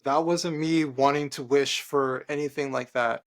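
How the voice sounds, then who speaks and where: An author guesting on a podcast recounts an earnest story from his own life in a mid-range voice with fairly even intonation. He often halts, restarts, and uses fillers as he talks.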